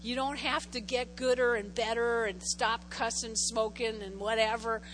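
Woman pastor, high bright voice, chatty sermon with repeated phrases and "okay?" asides. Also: fairly even intonation, normal speed, slight background noise, rough recording. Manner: conversational, repeats phrases, frequent "okay?" check-ins; shifts from loud prayer to soft invitation. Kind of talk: sermon with altar call. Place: church.

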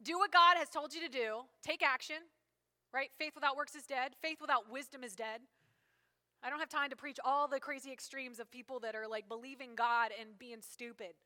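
A woman pastor preaching a sermon in a lively, joking, conversational way. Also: sits high, fairly quick. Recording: long hall reverb.

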